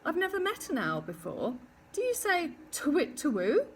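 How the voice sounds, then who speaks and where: A woman's voice: very high-pitched, huge pitch swings, moderate pace, slight background noise, voice pushed up, full character voice. A woman voicing a proud, bossy little girl with a matter-of-fact, know-it-all manner in a storybook reading. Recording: distant mic with faint ambience.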